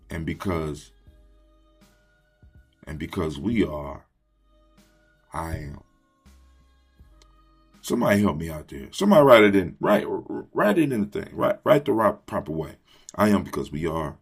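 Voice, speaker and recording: Man, very deep voice, gravelly, husky, motivational host, call-and-response, faint music behind. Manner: call-and-response, repeats phrases. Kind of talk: motivational morning talk.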